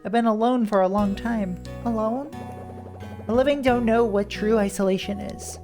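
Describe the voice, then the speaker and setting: A woman voicing a lonely young male ghost's game dialogue, reading it slowly, gravely and cryptically. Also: fairly high pitch, music in the background, close to an everyday voice. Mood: solemn.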